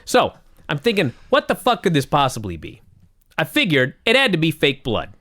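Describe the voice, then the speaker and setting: A man co-hosting a casual wrestling podcast, talking with sarcastic, animated energy. His voice sits a bit high and swings widely in pitch. The sound is dry and close. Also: moderate pace, no room sound. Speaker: podcast co-host. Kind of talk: casual wrestling recap chat.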